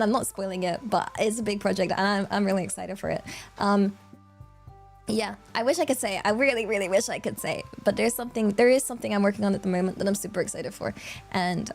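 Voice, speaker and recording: A woman's voice: medium pitch, gravelly. A woman, chatting casually on a stream in a bubbly, rambling way with lots of fillers and giggles. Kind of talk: casual chat.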